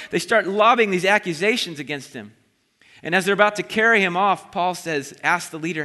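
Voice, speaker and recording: A man preaching a sermon, retelling a Bible story in a lively storytelling way and briefly acting out the voices of the crowd. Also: high voice, fairly quick. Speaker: pastor. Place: church sanctuary. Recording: long hall reverb.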